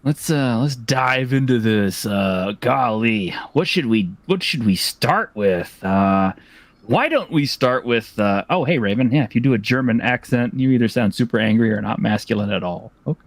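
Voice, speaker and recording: A man hosting a casual chat in a dry, close sound. He rambles and teases, reading viewer messages aloud with a jokey lilt at a middling pitch. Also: expressive, moderate pace, no room sound. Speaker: host.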